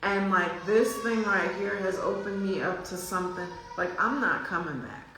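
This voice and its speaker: A woman's voice: mid-range voice, moderate pace, music in the background. A woman, the mother of the other speaker, telling a story in a casual, matter-of-fact way that breaks into laughter. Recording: very echoey room with faint hiss.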